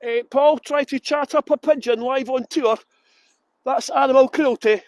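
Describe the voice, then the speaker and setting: Brief: man as a scolding male moderator, mock-stern, high, close and dry. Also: steady tone, moderate pace, darkish tone, dry recording.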